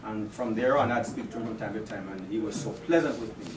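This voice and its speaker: A man giving a casual farewell speech at a work party, chatty and jokey, halting often with fillers, reading part of it from his notes. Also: lowish voice. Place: office party room. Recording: echoey room, distant mic, noisy.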